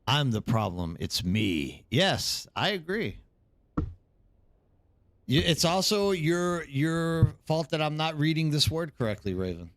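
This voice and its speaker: A man's voice: fairly high pitch, sing-song, slow pace, a bit bright, dry recording. A tired man live streaming, chatting casually and rambling as he answers viewers in the chat.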